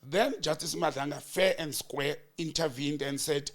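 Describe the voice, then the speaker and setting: A South African man with a fairly high voice tells the story of a hearing blow by blow. He jumps into the quoted lines with sudden lifts in pitch and emphasis. He keeps it conversational, like a commentator thinking aloud. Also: fairly even intonation, moderate pace. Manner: storytelling, acting out quoted exchanges with rising emphasis. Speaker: political commentator. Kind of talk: animated political chat recounting a hearing.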